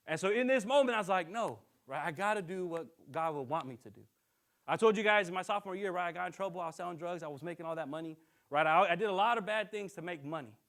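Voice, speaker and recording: Fast, high-voiced young male minister. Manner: animated storytelling, acting out quoted voices, frequent "right?". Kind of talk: sermon with personal story.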